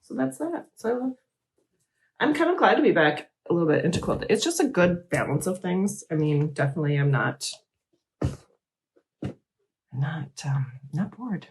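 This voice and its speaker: A middle-aged woman hosts a relaxed crafting chat. She rambles from one thing to the next in an animated, friendly way. Her voice sits slightly low for a woman. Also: moderate pace, pauses often. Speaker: host. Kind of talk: casual chat.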